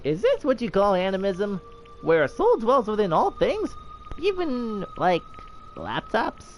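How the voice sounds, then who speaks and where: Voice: mid-range voice, wildly swooping pitch, unhurried, faint music behind. A streamer voicing Monokuma, a gleeful cruel bear. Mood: smug. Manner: mocking, sing-song, laughs often. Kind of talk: let's play voice reading.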